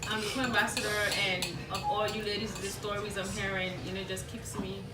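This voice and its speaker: A woman who co-leads a running group, speaking to the group in an emotional, halting way, close to tears. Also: medium pitch, level tone. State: near tears. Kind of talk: personal testimony to a group. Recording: echoey room from far off, with music.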